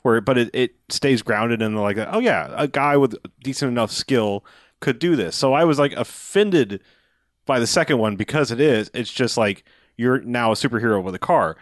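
A man's voice: mid-range voice, moderate pace, no room sound, clean studio sound. Rambling man chatting on a podcast. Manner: rambling, many restarts and hedges. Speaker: podcast co-host. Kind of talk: casual chat about movies.

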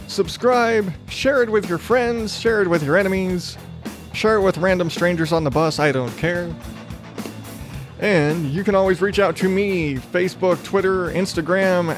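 A man hosting a podcast in a casual monologue, ranting with lots of swearing and laughter. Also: high-pitched. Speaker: podcast host.

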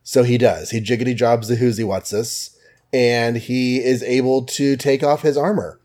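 A man co-hosting a podcast, casually recapping an old comic book with jokes and quick quoted voices. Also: mid-range voice, steady tone, a little mellow. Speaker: podcast co-host.

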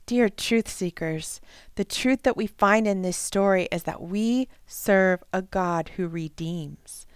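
A woman telling a Bible story as a devotional storyteller, with a gentle, expressive and emphatic delivery. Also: medium pitch, slow pace, clean tone, no echo, clean studio sound.

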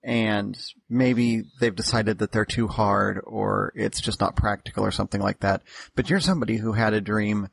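Gravelly male interviewer. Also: fairly low pitch, steady tone, moderate pace. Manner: friendly, laughs along. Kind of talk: casual interview questions.

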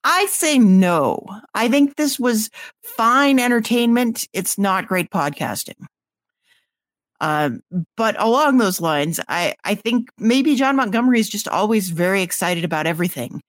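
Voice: medium pitch, lively intonation, unhurried, a bit bright, no echo. Dry, wry podcast co-host. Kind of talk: casual chat.

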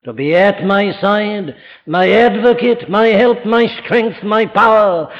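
A Welsh man preaches in a high voice, weighing each phrase slowly and emphatically before rising to impassioned peaks. The archival recording sounds muffled and dull, and his words ring out with a long reverb through a large church hall. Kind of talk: sermon.

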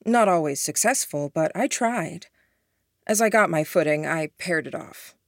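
Audiobook: woman reading an earnest, pleading witch; low voice, dry read. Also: expressive, a little slow, dry recording. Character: remorseful middle-aged woman, a witch, pleading.

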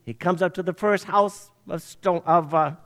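An older man with a notably high speaking voice, preaching a sermon. He tells stories with animated rises and drops, as a preacher talking to his congregation. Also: moderate pace. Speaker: pastor.

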